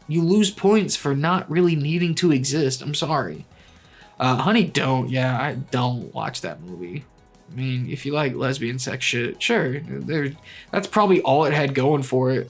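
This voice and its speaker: Blunt, sweary young man ranking movies. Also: medium pitch. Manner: blunt, sweary, rambling, animated asides. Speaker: movie vlogger. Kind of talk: casual opinionated commentary.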